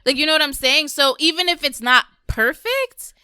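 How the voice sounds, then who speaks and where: A woman's voice: high voice, expressive, normal speed, bright, forceful tone, no room sound, studio quality. A woman in her thirties hosting a podcast, chatting candidly and swearing freely. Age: 30s. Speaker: podcast host. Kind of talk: casual chat.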